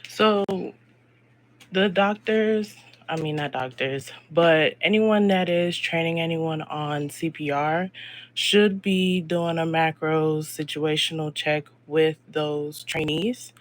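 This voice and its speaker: A man leading an online training meeting, explaining a procedure in a measured, instructive way with frequent pauses. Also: a little high, a bit bright.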